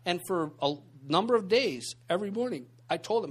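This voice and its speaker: A man teaching a church group in an informal sermon, telling stories in a conversational, animated way full of asides. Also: sits high, brisk, hardly any pauses, husky. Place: church meeting room.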